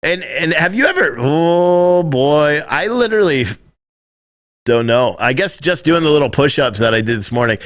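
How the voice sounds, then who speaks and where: A man's voice: a little high, lively intonation, moderate pace, a bit bright. A man in his thirties hosting a live stream, rambling and swearing as he reads chat. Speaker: live streamer, news show host. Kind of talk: casual live-stream commentary.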